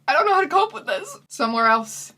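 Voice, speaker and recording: A woman's voice: high voice, big pitch swings, fast, bright, forceful tone. A woman hosting comedic commentary, sarcastic and incredulous, close to the mic. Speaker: video host.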